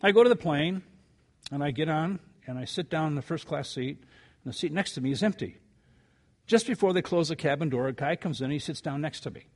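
An older man preaching a sermon, telling a story with animated rises and quiet asides before reading scripture. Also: a little high, a little fast. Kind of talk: sermon with anecdote.

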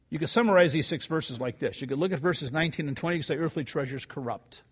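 Animated older male preacher. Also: fairly high pitch, quick pace, hardly any pauses, slightly rough. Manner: animated storytelling, dropping to quiet asides and rising for emphasis. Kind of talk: sermon with anecdote.

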